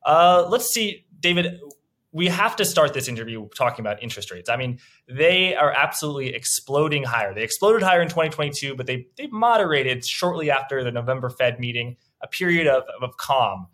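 Animated young male interview host. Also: mid-range voice. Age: young adult. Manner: animated, quick bursts, stammering repeats. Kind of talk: finance interview, questioning.

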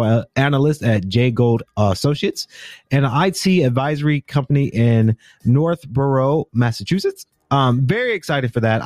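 A man's voice: mid-range voice, a little mellow, no echo, clean studio sound. Rambling American man hosting a podcast. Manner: rambling, stumbles and corrects himself often. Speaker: podcast host. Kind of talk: casual tech news commentary.

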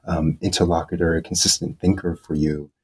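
A young man interviewing an author, speaking in a measured way with frequent filler pauses. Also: sits low, flat delivery, darkish tone, husky. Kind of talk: interview questions and conversation.

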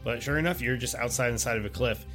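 A man's voice: medium pitch, quick pace, a bit bright, faint music behind. A man narrating as game master of a tabletop game, describing scenes in a loose, rambling way with many fillers.

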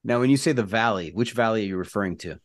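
A man's voice: lowish voice, fast talker. A man in his forties from Southern California hosting a casual podcast interview, asking easygoing questions. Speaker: podcast host.

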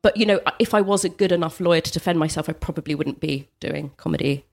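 A woman comedian guest talking quickly and nervously. She stumbles and corrects herself as she tries to explain herself in an improvised comedy chat. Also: sits low, vocal fry. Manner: flustered, quick self-correcting.

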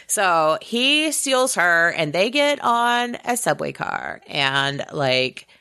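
Sarcastic woman with lively pitch. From Houston area. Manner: animated, sarcastic, swears freely. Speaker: podcast co-host. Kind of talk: casual movie recap chat.

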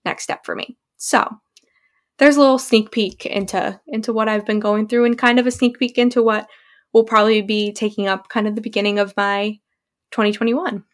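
A woman's voice: mid-range voice, fairly even intonation, normal speed. Candid young woman podcast co-host. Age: 20s. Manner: candid, reflective, laughs often. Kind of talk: casual chat.

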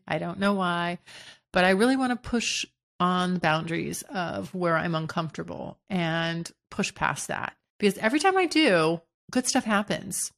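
A woman hosting her own podcast, talking frankly and casually in a solo monologue, with frequent restarts and casual swearing. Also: fairly low pitch. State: hiccuping. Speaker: podcast host.

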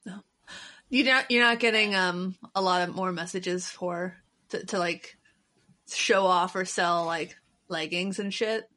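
A woman's voice: on the low side, pushed and bright. A woman hosting a podcast, chatting playfully and casually with her guest over a video call. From Seattle area. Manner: playful, quick to laugh. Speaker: podcast host. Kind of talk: casual chat.

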